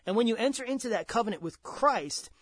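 A fervent male preacher with a fairly high voice, delivering a sermon that swells louder and higher when he drives a point home. He repeats words for emphasis and pleads with his listeners. The sound is dry and close. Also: animated, brisk, dry recording.

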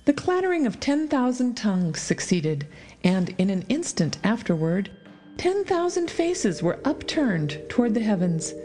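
A woman narrating a story aloud in an expressive reading style, with dramatic pauses. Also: medium pitch, soft background music. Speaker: audiobook reader. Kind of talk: scripted narration.

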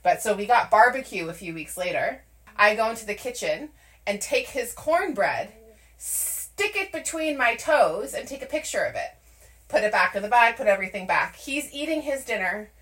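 A young woman telling a story in casual chat, animated and laughing as she acts out quotes. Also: a little high, normal speed.

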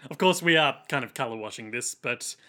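A man's voice: mid-range voice, animated, a little fast, pushed and bright. A man co-hosting a podcast in casual chat, leading the discussion with wry humour and frequent giggles. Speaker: podcast co-host.

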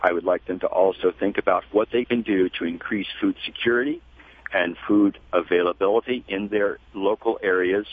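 A man talking as a guest in a radio interview, measured and spelling out web addresses slowly. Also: deep voice, steady tone, no room sound. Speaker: guest, gardening educator. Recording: tinny phone line.

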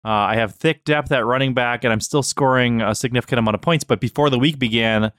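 A man's voice: medium pitch, fast, fairly bright tone, dry recording, studio quality. A man co-hosting a podcast in casual chat, joking and self-deprecating, hesitating with fillers. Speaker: podcast co-host.

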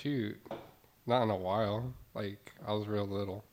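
A man's voice: on the low side, fairly even intonation, moderate pace, a little mellow, a little hiss or hum. A man chatting on a casual podcast, rambling and a bit sheepish as he explains himself.

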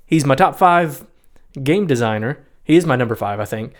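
A man's voice: medium pitch, lively intonation, normal speed. A man co-hosting a casual podcast chat, rambling and correcting himself, often laughing. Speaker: podcast co-host. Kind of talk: casual chat about board games.

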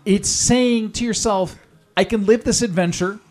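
A man in his forties hosting a casual podcast, telling stories in an animated way, swearing and preaching to his listeners. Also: high-pitched, measured pace, soft background music. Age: 40s. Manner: animated, profane, preachy storytelling.

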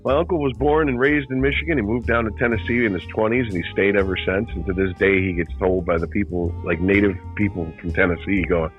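A podcast co-host telling animated, profane stories in casual chat. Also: male voice, on the low side, fast talker, few pauses, soft background music. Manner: animated storyteller, profane, mocking. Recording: dull lo-fi sound.

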